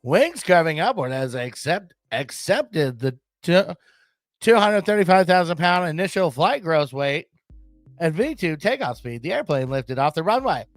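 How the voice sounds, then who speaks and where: A booming old-time newsreel announcer from the 1920s, as a man puts him on, reading in a grand, dramatic way. The voice sits fairly high and swings widely in pitch, with a dry, close sound and soft music underneath. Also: sing-song, normal speed, no room sound. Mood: grandiose.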